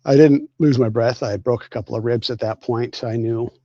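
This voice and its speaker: A man on a video call from a hospital bed, calmly recounting what happened in a matter-of-fact way. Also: mid-range voice, moderate pace, no room sound, muffled recording. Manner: steady, matter-of-fact retelling with small restarts. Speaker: guest, crash survivor. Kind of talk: casual storytelling on a live stream.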